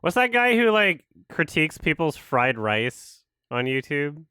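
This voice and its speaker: A man's voice: a little high, very animated, a little slow, sharp tone, smooth, no echo, clean studio sound. A man hosting a casual watch-along, commenting sarcastically and mocking what he sees on screen. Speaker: host.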